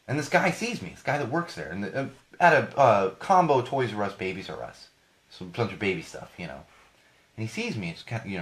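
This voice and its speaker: A man in his thirties with a hoarse voice from a cold, hosting a podcast in a casual rambling monologue that repeats phrases for emphasis. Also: fairly low pitch, expressive, brisk, a bit bright. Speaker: podcast host.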